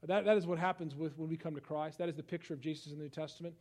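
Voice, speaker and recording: High-voiced preaching man. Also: steady tone, rapid-fire. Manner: conversational preaching, swinging from hushed to shouting. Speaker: pastor. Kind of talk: sermon.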